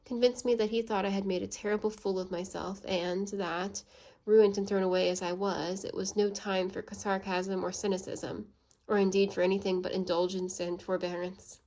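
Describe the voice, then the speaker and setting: A woman's voice: medium pitch, little pitch movement, normal speed, warm tone. Woman reading a classic novel aloud. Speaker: audiobook reader.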